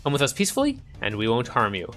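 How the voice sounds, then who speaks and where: A man's voice: medium pitch, wildly swooping pitch, fast, fairly bright tone, soft background music. A man voicing a haughty soldier goon in a game play-through, with a pompous, threatening manner. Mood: pompous threat.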